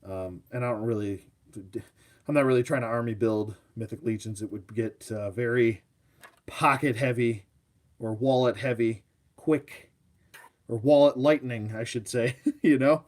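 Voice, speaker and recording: A man of ordinary pitch runs a live toy review, talking loosely and wandering off topic. He pokes fun at himself and answers his viewers as he goes. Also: a little slow, darkish tone. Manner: rambling, chatty, self-mocking, answers viewers. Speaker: action figure reviewer. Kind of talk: casual live review chat.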